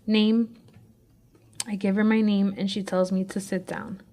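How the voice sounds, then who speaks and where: A woman's voice: medium pitch, level tone, brisk, dark tone. A woman, a writing student, reads her own first-person memoir in a raw, anxious, confessional way.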